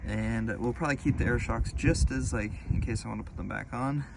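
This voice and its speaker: A man's voice: medium pitch, brisk, gravelly. A man casually narrating his own do-it-yourself car work, rambling and thinking aloud with fillers. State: out of breath at times. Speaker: DIY car vlogger. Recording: loud background noise.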